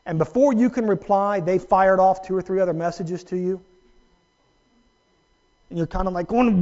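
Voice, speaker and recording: A man preaching a sermon as pastor, dramatic, moving from hushed, low-volume lines to loud, raised emphasis. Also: moderate pace, long pauses, lo-fi sound. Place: church sanctuary.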